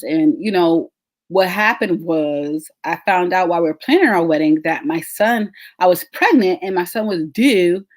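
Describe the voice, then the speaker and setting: A woman, a podcast host telling a story in casual, chatty talk straight to her listeners. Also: on the low side. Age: 30s. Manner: chatty, addresses listeners as y'all.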